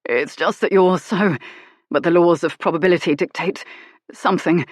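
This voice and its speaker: A woman voicing a scholarly, bespectacled duke with a raspy voice and precise, strained wording in a romance audiobook. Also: lowish voice, moderate pace, no echo.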